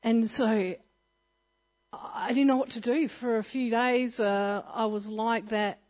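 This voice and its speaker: Woman, testimony speaker, fairly high husky voice, earnest with frequent laughs, dull lo-fi recording. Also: fairly even intonation, slow, darkish tone. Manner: earnest, laughs often, restarts mid-sentence. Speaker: church speaker sharing her testimony. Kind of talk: personal testimony talk.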